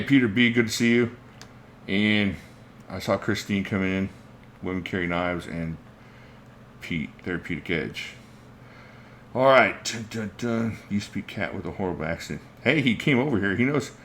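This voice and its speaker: A man with a fairly low voice chats loosely through a livestream as its host. He rambles, thinks aloud and stops to greet viewers by name, with a faint room ambience behind him. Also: a bit bright, a little hiss or hum. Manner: reads out viewer names mid-talk. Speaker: knife channel host. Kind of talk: casual livestream chat.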